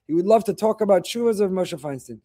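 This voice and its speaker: A middle-aged man, a rabbi, giving a weekly faith talk, telling stories with animated delivery and repeating phrases for emphasis. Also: sits high, fast talker.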